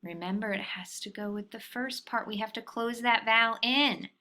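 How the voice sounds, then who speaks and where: A woman's voice: fairly high pitch, moderate pace, pushed and bright. A woman teaching a phonics lesson to young children, patient and sounding out syllables.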